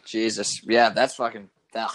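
A man's voice: fairly low pitch, little pitch movement, unhurried, fairly bright tone, slight background noise. A man co-hosting a podcast, chiming in with short, blunt, dismissive reactions. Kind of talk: casual chat.

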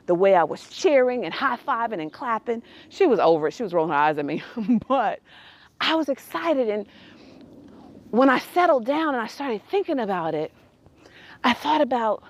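A woman telling a personal story that turns into a faith lesson, animated and quick to laugh. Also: a little high.

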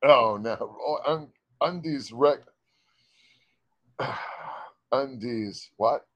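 Guest: man, casual chat, keeps fumbling lines and laughing, mid-pitch voice. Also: drawn-out words, no echo, lo-fi sound. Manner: stumbling, laughing at his own flubs. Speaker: guest musician.

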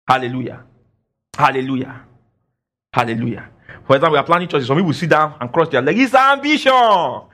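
A man preaching a sermon, emphatic and scolding, repeating phrases for effect. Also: fairly high pitch. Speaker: pastor. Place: church.

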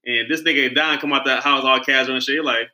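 A man's voice: medium pitch, fairly even intonation, fast talker, noisy background. A man in casual chat, telling a story in a rambling way with many restarts.

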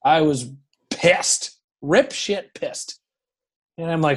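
A man in his thirties, a hockey goaltender, telling stories as a podcast guest in an animated, profane, rambling way. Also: a little high, slow, long pauses. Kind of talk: casual podcast storytelling.

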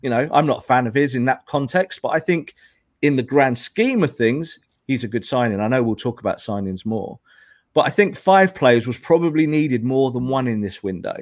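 A man's voice: medium pitch, animated, moderate pace, no echo, studio quality. A man who is a guest pundit on a football podcast, arguing his points emphatically and lecturing the listeners.

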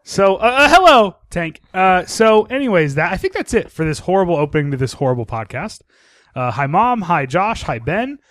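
A man's voice: sits high, sing-song, moderate pace, a bit bright, no room sound. A young man hosting a casual horror podcast, goofy and laughing at himself. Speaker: podcast host.

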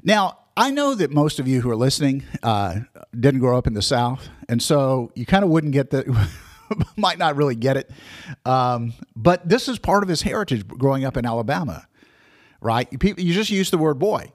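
Older man reminiscing in halting bursts. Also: mid-range voice, big pitch swings, no room sound, clean studio sound. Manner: halting, full of restarts and fillers. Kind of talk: recounting personal memories.

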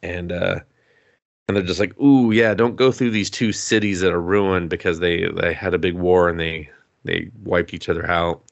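A man's voice: sits low, little pitch movement, normal speed, creaky, no echo, dull audio. A man co-hosting a podcast, casually recapping an anime episode, acting out the characters' lines, laughing and swearing as he goes. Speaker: podcast co-host.

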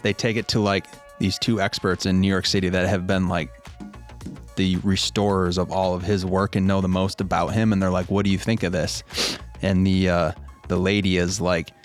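Deep, flat-voiced man telling a story. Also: normal speed, faint music behind. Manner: rambling storyteller, swears freely. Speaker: podcast co-host. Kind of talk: casual chat.

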